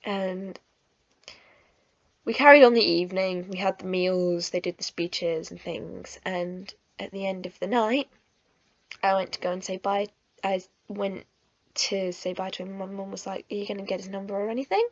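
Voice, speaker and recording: A woman's voice: mid-range voice, fairly even intonation, moderate pace, dry recording. A young woman telling a personal storytime vlog in a chatty, emotional, giggly way, in a slightly muffled recording. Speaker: vlogger.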